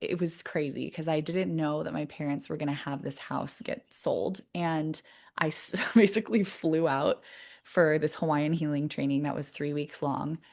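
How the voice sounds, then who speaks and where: A woman guest on a podcast, telling a personal story in a lively, chatty way and laughing often. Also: sits low, moderate pace, vocal fry. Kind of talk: casual interview storytelling.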